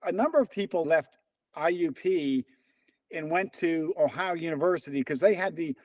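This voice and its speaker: Animated older man telling stories. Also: fairly high pitch, normal speed, no room sound. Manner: animated storyteller, acts out quoted dialogue. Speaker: interview guest, runner and coach. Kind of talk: casual storytelling.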